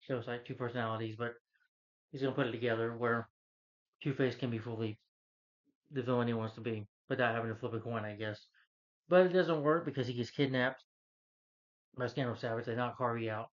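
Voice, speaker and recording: A man in a mid-pitched voice talks through a film plot in a loose, rambling way, leaning on fillers. The recording sounds dull and lo-fi. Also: steady tone, brisk, pauses often. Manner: rambling, full of fillers like "you know" and "like". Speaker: film reviewer. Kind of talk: casual spoken movie recap.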